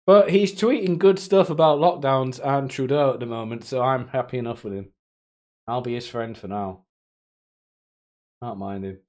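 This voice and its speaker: A man's voice: medium pitch, moderate pace, darkish tone. A man streaming live, chatting casually with viewers in a rambling, profane way, often laughing to himself.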